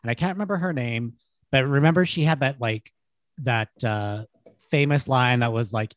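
A man's voice: medium pitch, normal speed, no echo. A man in his thirties co-hosting a podcast, chatting casually and enthusiastically with lots of "like" fillers. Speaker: podcast co-host. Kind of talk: casual chat.

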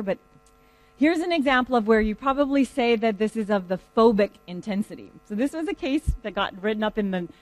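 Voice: medium pitch, dry recording, poor audio. Conversational lecturer, loose and chatty, talking to a class. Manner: conversational, lively storytelling.

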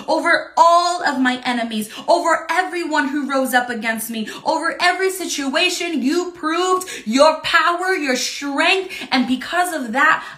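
Earnest high-voiced woman teaching scripture. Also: unhurried, hardly any pauses, echoey room. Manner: earnest, expressive, repeats phrases. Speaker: bible teacher. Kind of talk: devotional bible teaching.

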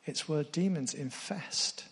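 A man's voice: on the high side, slow pace, a bit bright, big-room sound. A man preaching a sermon, earnest, putting direct questions to his congregation.

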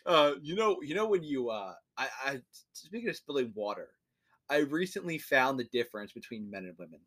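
A man co-hosting a podcast in casual chat, telling animated stories and laughing a lot. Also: medium pitch, fairly quick. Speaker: podcast co-host.

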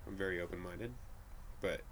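Very deep-voiced New Mexican man. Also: moderate pace, slight background noise. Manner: relaxed, laughs easily, many fillers. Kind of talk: casual conversation.

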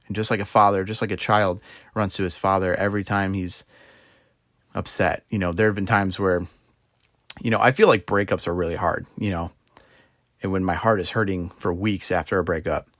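A man's voice: sits low, steady tone, brisk, fairly bright tone, no room sound, studio quality. A young man giving an earnest, conversational devotional talk, often adding "you know" as he explains. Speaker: Christian speaker.

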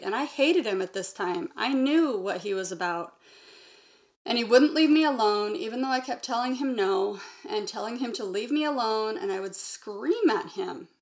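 A woman guest recounting a personal memory in an earnest, halting way, linking thoughts with repeated "and". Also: on the high side. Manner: earnest, halting, strings sentences with "and". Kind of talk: personal testimony in conversation.

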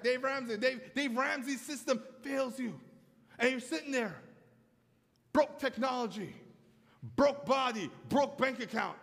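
A man's voice: very high voice, vocal fry, fairly bright tone, in a large hall. A man preaching a sermon as pastor, telling stories and calling for amens from the congregation. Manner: storytelling preacher, calls for amens.

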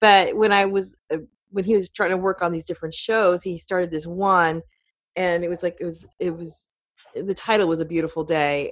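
A middle-aged woman, a podcast host appearing as a guest, chatting in a rambling, talkative way with frequent laughter. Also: lowish voice. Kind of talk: casual interview chat.

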